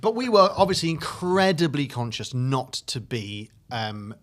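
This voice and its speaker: A man's voice: mid-range voice, sing-song, unhurried, a bit bright. A man, a comedy writer and guest, telling a rambling story in casual podcast chat with lots of fillers. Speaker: comedy duo member, guest.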